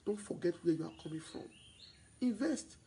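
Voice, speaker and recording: A Nigerian-accented man talks real estate to his viewers in a sales broadcast monologue, his high-pitched voice carrying a breathy edge at a normal pace on a rough recording. He drops Pidgin into his English and, getting loud and excited, keeps repeating himself.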